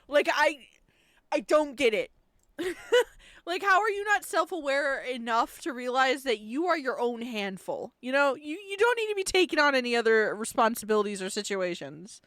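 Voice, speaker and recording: A woman streamer giving blunt, profane, animated commentary as she reacts to a video on a close microphone. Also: sits high, normal speed, dry recording. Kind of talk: casual live-stream commentary.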